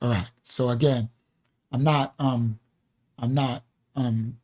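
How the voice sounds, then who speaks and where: Male livestream teacher, unhurried, emphatic, conversational, fond of rhetorical questions. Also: mid-range voice, steady tone, darkish tone. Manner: emphatic, repeats words, asks rhetorical questions; chatty, addresses viewers by name. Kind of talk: live-streamed religious teaching.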